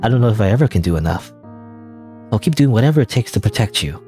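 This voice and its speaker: A man voicing a gentle, protective teenage schoolgirl in a game, speaking softly and reassuringly. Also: fairly low pitch, expressive, fast talker, faint music behind, close to an everyday voice. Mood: earnest. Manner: soft, reassuring, turns stern.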